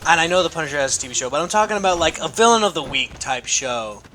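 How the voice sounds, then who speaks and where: A man's voice: on the high side, expressive, fast talker, bright, forceful tone, slight background noise. A young man casually reviewing a comic, rambling and swearing with enthusiasm.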